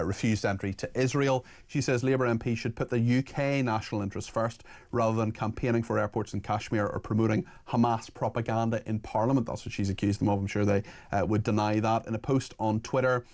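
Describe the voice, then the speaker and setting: A man hosting a talk radio phone-in, chatting with callers and reading out listener messages in a brisk, chatty way. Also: fairly low pitch, darkish tone.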